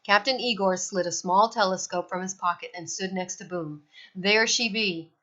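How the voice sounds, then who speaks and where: Lady reading a kids' novel out loud, bright voice, bit lo-fi. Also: lowish voice, moderate pace. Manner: expressive read-aloud. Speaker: storyteller. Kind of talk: reading a children's novel aloud.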